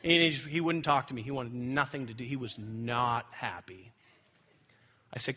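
A young adult man preaching a sermon with animated storytelling that swings high when he gets excited. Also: normal speed. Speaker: pastor.

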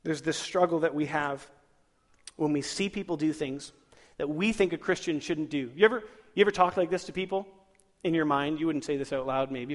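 High-voiced man preaching in a reverberant hall. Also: brisk. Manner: lively, asks the congregation questions, chuckles. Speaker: pastor. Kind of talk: sermon.

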